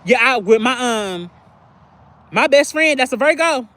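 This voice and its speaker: A young man with a high, light voice talks openly on a livestream, confiding and playful. He acts out little phone conversations in quick voices and keeps clearing his throat. The sound is close and dry, with no room around it. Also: huge pitch swings, fairly bright tone, no room sound. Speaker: livestream host. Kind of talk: candid personal livestream chat.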